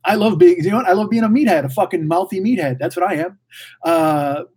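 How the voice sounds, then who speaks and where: Fast-talking husky-voiced motor-mouth man. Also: high voice, darkish tone. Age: 40s. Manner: rambling, profane motor mouth; mouthy, blurts without thinking. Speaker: podcast host reading live chat. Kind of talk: casual livestream chat.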